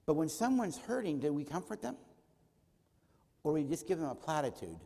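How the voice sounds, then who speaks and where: A man's voice: on the high side, sing-song, normal speed, vocal fry, dark tone, big-room sound. A man giving a teaching talk at a church conference, posing rhetorical questions and answering them himself, with short acted dialogues. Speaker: conference speaker. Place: church auditorium.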